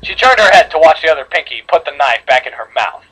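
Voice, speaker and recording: A man reads a gory fan story aloud to his friends in a dramatic voice. His pitch sits a bit high and moves a lot. There is a husky grain to his tone. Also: animated, quick pace, a bit bright, low-quality recording. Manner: dramatic reading with slips and re-reads. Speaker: story reader.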